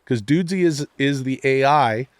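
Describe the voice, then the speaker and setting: A man's voice: medium pitch, normal speed, no echo. Male comic guest, rambling and swearing, self-deprecating, close dry mic. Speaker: comedian guest. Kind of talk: casual podcast storytelling.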